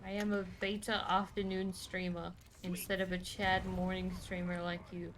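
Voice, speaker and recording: A woman's voice: fairly low pitch, monotone, normal speed, background noise. A woman with an Australian accent, chatting playfully and teasing her co-player while streaming a game. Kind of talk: casual gaming chat.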